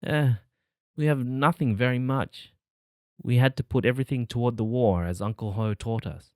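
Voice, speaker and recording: A man reading a timid young soldier who answers hesitantly and quietly, in an audiobook. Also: mid-range voice, normal speed, no room sound, studio quality, natural voice.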